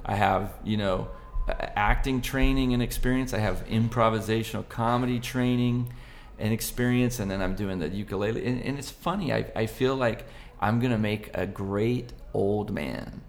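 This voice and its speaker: A middle-aged man from Southern California chats as a podcast guest in a playful, rambling way. His voice is low and gravelly. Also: moderate pace, slight background noise. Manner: playful, jokey storyteller who slips into silly old-man voices. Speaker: podcast guest, ukulele performer. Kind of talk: casual chat.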